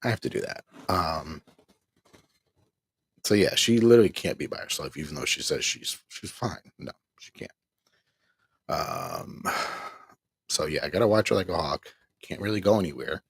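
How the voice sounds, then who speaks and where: A middle-aged man vents on his livestream in a tired, exasperated voice and laughs ruefully as he goes. His voice sits very low and sounds husky. The mic is close and the sound is dry. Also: animated, normal speed, pauses often, no room sound. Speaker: livestream host. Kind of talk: venting on a livestream, reading chat.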